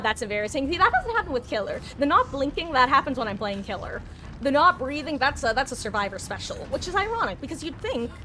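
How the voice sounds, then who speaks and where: A woman's voice: fairly high pitch, a little hiss or hum. A young woman from New Jersey, rambling and giggly as she chats through a live game stream. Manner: rambling, giggly, self-deprecating, many restarts. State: short of breath. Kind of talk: casual live-stream commentary while playing.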